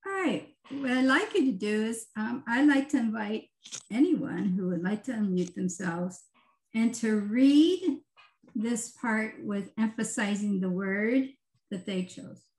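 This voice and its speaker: A woman facilitating a virtual group session, giving gentle, unhurried instructions over a video call and often checking in with "right?". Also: a little high, lively intonation, roomy sound, rough recording. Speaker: retreat facilitator.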